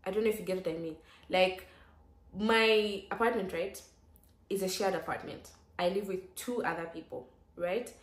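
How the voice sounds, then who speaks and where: A woman's voice: mid-range voice, normal speed. Chatty young woman telling a story. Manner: chatty, lively, many "like" fillers and sudden exclamations. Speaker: vlogger. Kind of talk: casual storytelling. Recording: roomy echo.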